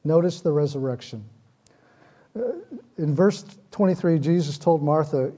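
A man's voice: fairly high pitch, measured pace, mellow. A man preaching a sermon, earnest, with repeated phrases that build in intensity. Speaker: pastor.

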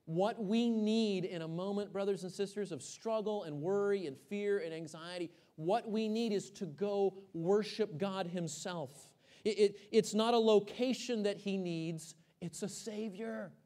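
Male pastor from Texas, high voice, dynamic sermon delivery: loud emphasis, then hushed lines, questions to the pews. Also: measured pace. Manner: dynamic preaching, swings from loud emphasis to hushed near-whisper; asks the congregation questions, repeats words when restarting.

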